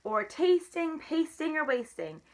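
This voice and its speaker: A woman's voice: sits high, sing-song, unhurried, pitched above the performer's own voice, exaggerated voice. Woman reading a firm, scolding mother cat. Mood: stern. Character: strict, caring mother cat. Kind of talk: storybook read-aloud.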